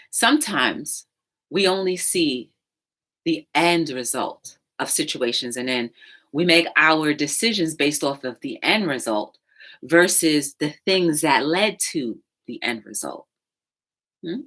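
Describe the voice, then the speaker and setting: A woman with a low, bright, forceful voice talks straight to her audience as a show host. She tells a story in a loose, conversational way, full of fillers and quick acted-out quotes. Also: expressive. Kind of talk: solo talk-show commentary.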